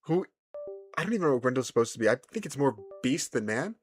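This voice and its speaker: Animated, playful man commenting on a game. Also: medium pitch, fast talker, faint music behind. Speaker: gaming video host.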